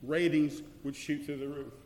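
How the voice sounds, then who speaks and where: A man preaching a sermon, swinging from loud declarations to hushed, searching questions. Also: fairly high pitch, level tone, moderate pace. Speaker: pastor. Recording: echoey hall with long reverb.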